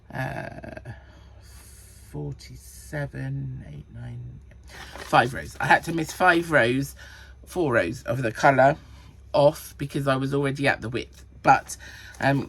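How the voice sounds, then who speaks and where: A woman's voice: a bass voice, a little hiss or hum. A woman hosting a knitting podcast, chatting casually about her projects and counting rows and sizes under her breath. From Cornwall. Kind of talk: casual chat.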